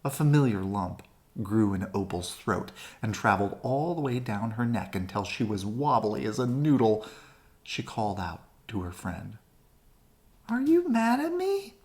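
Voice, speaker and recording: A woman gently and expressively reading a children's picture book aloud. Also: extremely low pitch, normal speed. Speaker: storybook reader. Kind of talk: children's read-aloud narration.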